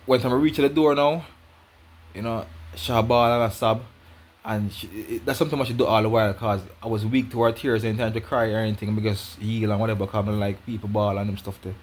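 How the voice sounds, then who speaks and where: A man's voice: on the low side, steady tone, fairly quick. A man with a Jamaican accent telling a personal story in patois, rambling and repeating himself as he goes.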